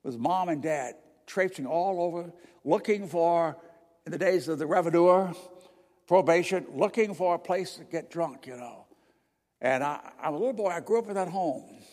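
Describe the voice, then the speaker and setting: Older preacher with a high voice echoing in a hall. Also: male voice, moderate pace. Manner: emphatic, swings between loud declarations and quiet asides. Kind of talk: sermon with slides. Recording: long reverb of a large hall.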